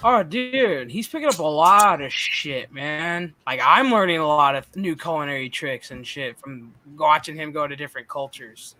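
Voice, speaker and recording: A man hosting a casual stream chat, telling animated, profane stories. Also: on the high side, normal speed, few pauses, no echo. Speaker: streamer host.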